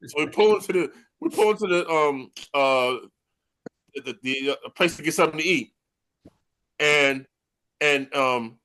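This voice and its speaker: High, bright-voiced man telling rough stories. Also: normal speed. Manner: swears freely, animated, repeats "man" and "right?". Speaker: host. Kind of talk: casual storytelling among old teammates.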